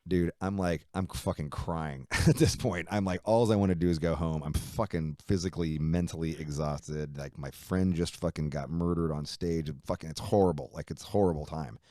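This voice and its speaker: A man being interviewed, telling a long story in a casual, animated way, swearing freely and acting out the people in it. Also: a bass voice, normal speed, hardly any pauses, no echo, studio quality. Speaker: musician guest.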